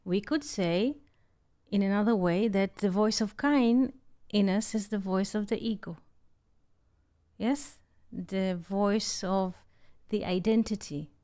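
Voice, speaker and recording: Woman teaching slowly on a video call, checks in with "yes?" a lot. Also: medium pitch, dark tone. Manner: unhurried, often checks in with "yes?". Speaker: spiritual teacher hosting an online group call.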